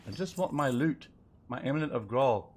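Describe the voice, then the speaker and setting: Streaming a game live, a man chats and thinks out loud as he plays, rambling loosely. He speaks at a normal speed with a medium pitch and lively intonation.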